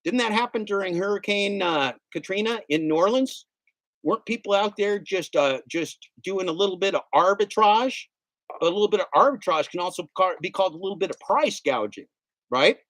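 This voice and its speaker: A middle-aged man ranting on a livestream, his pitch leaping up and down as he hammers the same points again and again. His voice sits a little high for a man and sounds close and dry, with no room echo. He talks with a sarcastic, emphatic edge. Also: lively intonation, brisk, fairly bright tone. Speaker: gig delivery driver streamer. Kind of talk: casual livestream rant.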